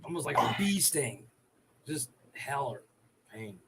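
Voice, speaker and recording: A man's voice: mid-range voice, unhurried, very noisy. A man cohosting a casual comedy chat, telling crude stories and acting out the quotes. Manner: animated storyteller, crude, acts out quotes. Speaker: podcast co-host.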